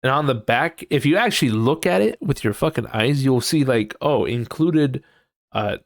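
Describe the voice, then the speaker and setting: A man's voice: mid-range voice, animated, moderate pace, creaky, dry recording. Young male podcast host, rambling and profane, mocks people with impressions. Dry, close sound. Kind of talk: casual solo podcast rant.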